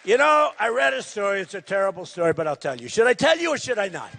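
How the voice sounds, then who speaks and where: A man in his sixties giving a campaign rally speech, loud and repetitive, hammering his points with emphasis. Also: high-pitched, very animated, fast talker, creaky, big-room sound, a faint crowd, a little hiss or hum. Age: 60s. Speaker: political candidate.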